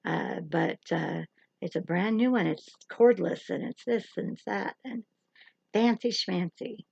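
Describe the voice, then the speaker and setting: A woman hosts a casual livestream makeup tutorial, joking and teasing herself as she talks. Her voice is husky and gravelly, recorded dry and close with a slightly dull, lo-fi sound. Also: mid-range voice, measured pace, darkish tone, no room sound. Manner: rambling, joking, self-teasing. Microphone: camera or phone livestream.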